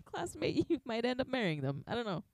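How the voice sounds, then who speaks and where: A woman's voice: on the high side, sing-song, moderate pace, slight background noise. A woman hosting a podcast, telling a story in casual chat, swearing freely and laughing often. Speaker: podcast host.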